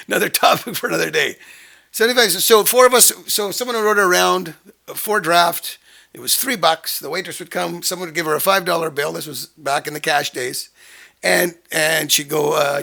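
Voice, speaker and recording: A man's voice: on the high side, vocal fry, bright, forceful tone. A middle-aged man telling a rambling story in a casual monologue, exasperated and full of restarts. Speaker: host.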